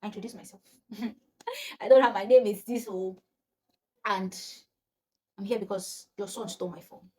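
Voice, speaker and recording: A young woman from Nigeria with a Nigerian accent, telling a personal story in casual vlog chat and acting out the voices of the people in it. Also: moderate pace. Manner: animated, acts out quoted voices, often drops to a low murmur. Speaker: storyteller vlogger.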